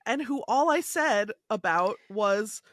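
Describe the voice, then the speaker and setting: A woman's voice: medium pitch, lively intonation, takes it slowly, fairly bright tone, dry recording, clean studio sound. A woman co-hosting a podcast in casual chat, talking in an anxious, self-doubting, rambling way. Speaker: podcast co-host. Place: Seattle area.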